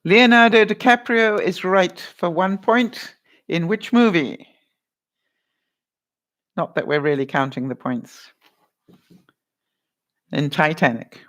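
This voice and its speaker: A woman's voice: lowish voice, takes it slowly, long pauses. A woman vlogger chatting casually on a live stream, laughing often as she runs a movie-quote quiz and answers viewer comments.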